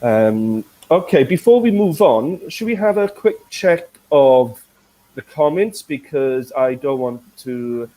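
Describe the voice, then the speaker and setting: A man's voice: medium pitch, lively intonation, slow, dark tone, low-quality recording. A man with a Welsh accent, an English teacher chatting through a live online lesson in a hesitant, filler-heavy way. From Wales.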